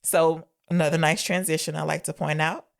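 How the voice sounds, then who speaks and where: Young female co-host, low voice, casual film-recap chatter. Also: flat delivery, brisk, vocal fry. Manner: retells scenes, acting out lines. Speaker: podcast co-host. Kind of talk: casual movie review chat.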